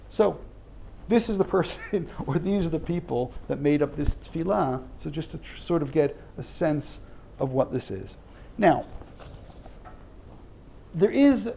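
A man's voice: fairly high pitch, vocal fry, mellow, slight background noise. A middle-aged man teaching a text-study lesson, who reads Hebrew text aloud and translates it line by line, with earnest explanations and repeated false starts. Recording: dull lo-fi recording.

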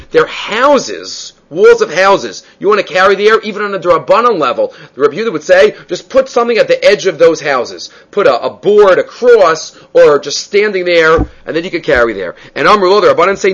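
A man's voice: sits high, fairly bright tone, highs cut off. A man teaching a Talmud class, reading passages aloud and explaining them step by step, often asking questions and answering them himself.

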